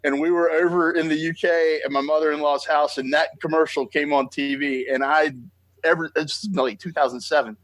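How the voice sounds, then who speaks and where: An American man hosts a podcast with a voice a bit higher than most men's. He tells stories in an excitable, animated way, clearly enjoying the chat. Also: normal speed. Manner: excitable, animated storytelling with laughs. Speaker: podcast host. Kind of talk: enthusiastic interview chat.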